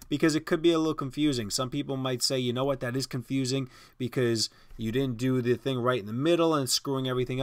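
A man guides viewers through a design program, talking casually and in plain steps. His voice sits in an ordinary middle pitch. The sound is close and dry, with almost no room echo. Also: pushed and bright. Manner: casual, step-by-step instruction with fillers. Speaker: design tutorial host. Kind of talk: screen-recorded software tutorial.

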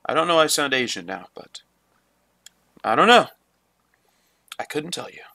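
A man's voice: medium pitch, big pitch swings, normal speed, gravelly, bright, forceful tone, no room sound. A man giving running let's play commentary on a game, swearing often and talking to himself and at the game. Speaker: gamer.

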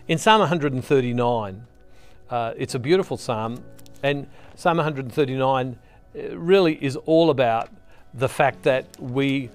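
Over faint background music, a middle-aged man delivers an earnest Catholic devotional talk in a conversational way. He speaks unhurriedly in a mid-range voice and repeats phrases whenever he emphasizes a point.

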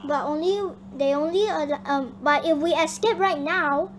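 A young girl hosting her gaming channel, chatting excitably and bossing her teammate around. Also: high voice, normal speed. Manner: excitable, chatty, bossy toward her partner. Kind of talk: casual gameplay chat. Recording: noisy home recording.

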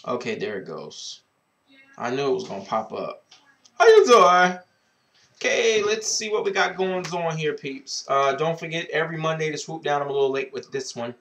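A man gives dating advice in a casual vlog, sassy and outspoken, swearing freely and repeatedly drawing out a greeting catchphrase. His voice is on the high side, animated and fairly bright, with vocal fry.

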